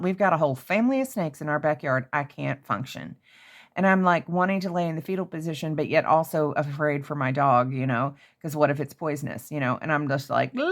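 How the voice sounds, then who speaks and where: A woman from Oklahoma, chatting casually in a crafting vlog and telling an animated, excitable story that jumps to shrieky high notes. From Oklahoma, USA. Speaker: crafter showing handmade pieces. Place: home craft room.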